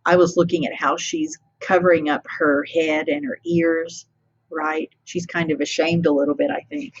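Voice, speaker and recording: A woman teacher reading a picture book to children, pausing often to ask them questions. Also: sits low, flat delivery, breathy edge, muffled recording. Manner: warmly interactive, asking children questions.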